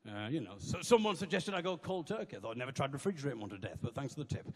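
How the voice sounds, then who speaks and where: A man performing stand-up comedy at a live venue, trading deadpan, self-deprecating banter with the audience. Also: mid-range voice, very fast. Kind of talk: stand-up comedy with comic songs. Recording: long reverb of a hall.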